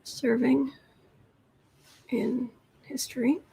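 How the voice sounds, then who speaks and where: A woman's voice: sits high, fairly even intonation, drawn-out words, vocal fry, dark tone, husky. A woman tarot reader chatting on a live stream, reading viewer questions aloud and cooing to her cat between them.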